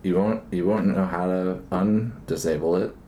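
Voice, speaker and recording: A man co-hosting a podcast in a relaxed, laid-back chat. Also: low-pitched, moderate pace, slight background noise. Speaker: podcast host.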